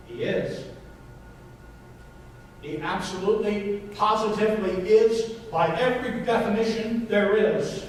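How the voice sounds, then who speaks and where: A man's voice: sits high, a little slow, a little hiss or hum. A man, a pastor, preaching a sermon with emphatic repetition and questions to the congregation. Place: church sanctuary. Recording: echoey church hall, mic from a distance.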